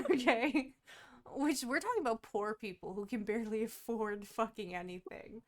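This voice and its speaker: A young woman co-hosting a podcast, casually retelling a book's plot in a lively, profane way and acting out the characters' lines. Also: a little high, measured pace. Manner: animated and profane, acts out quoted characters. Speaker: podcast co-host.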